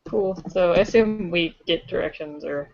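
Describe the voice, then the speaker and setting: A woman's voice: lowish voice, moderate pace. A woman playing a tabletop game, chatting casually and giggling easily. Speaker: player. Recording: dull lo-fi recording.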